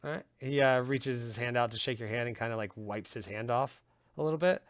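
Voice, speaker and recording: A man's voice: mid-range voice, brisk, no echo. A man running a tabletop game as game master, narrating loosely with casual fillers.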